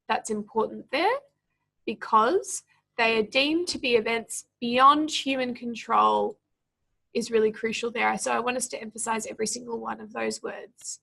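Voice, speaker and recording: A young woman gives a speaking lesson for exam preparation. Her voice sits a little high, with a gravelly fry running through it. She reads deliberately and marks each pause and stressed word like a patient teacher. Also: pushed and bright. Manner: clear, deliberate teacher reading aloud. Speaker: speaking tutor.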